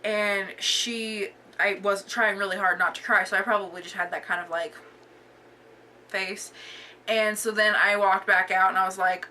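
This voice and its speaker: A woman's voice: mid-range voice, fairly even intonation, moderate pace, sharp tone, far from the mic, slight background noise. A young woman vlogger telling a casual storytime, chatty and full of filler words.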